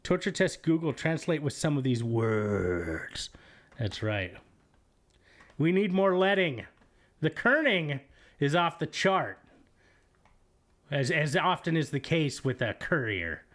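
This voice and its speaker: Slow-talking, animated male streamer. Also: on the high side. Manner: jokey, laughs often, reads chat aloud. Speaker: livestream host. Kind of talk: livestream commentary reading chat logs.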